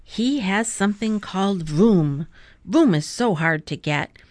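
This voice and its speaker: A woman voicing a big, boastful male cat in a hat, reading from a storybook in a slow, showy, bossy way. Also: mid-range voice, lively intonation, a little mellow, dry recording, natural voice. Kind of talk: storybook read-aloud.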